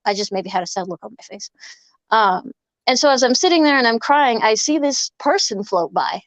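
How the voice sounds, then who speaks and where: A woman's voice: a little high, lively intonation, moderate pace, no echo. A woman guest on a casual podcast, telling long rambling stories full of "like". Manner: rambling storyteller, many fillers of "like".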